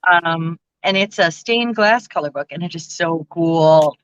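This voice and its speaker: A woman's voice: on the low side, a little slow, a bit bright, clean tone, no room sound, dull audio. A woman co-hosting a casual crafting livestream, playful and giggly as she chats and reads comments. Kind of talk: casual chat while crafting.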